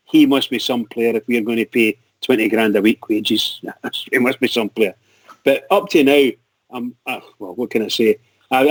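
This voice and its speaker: A Scottish man chatting excitedly about football on a fan radio show, laughing a lot and tripping over his words. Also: mid-range voice, dry recording, rough recording. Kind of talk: casual football chat.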